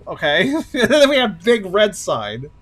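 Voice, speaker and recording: A man's voice: high-pitched, huge pitch swings, measured pace, fairly bright tone, breathy edge. A man with an Oregonian accent, chatting and joking while he plays a game, laughing often and thinking aloud. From Oregon, United States. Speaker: let's play host. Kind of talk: casual gaming commentary.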